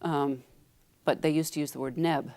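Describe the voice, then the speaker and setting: Low-voiced woman professor explaining. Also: steady tone, darkish tone. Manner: explanatory, measured, with fillers. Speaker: linguistics professor guest. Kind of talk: casual interview talk.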